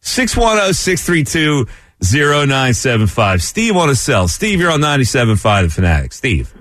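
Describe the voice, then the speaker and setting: A man hosting a sports talk radio show, animated, laughing often and acting out movie lines. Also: medium pitch, moderate pace, dry recording, clean studio sound.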